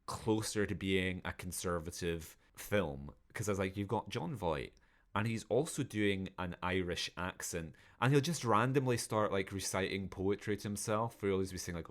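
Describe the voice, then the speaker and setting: A man with a very low, deep voice chatting on a podcast in a loose, rambling way. He drifts from point to point and laughs at his own jokes. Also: normal speed. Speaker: podcast co-host. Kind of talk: casual chat reviewing films.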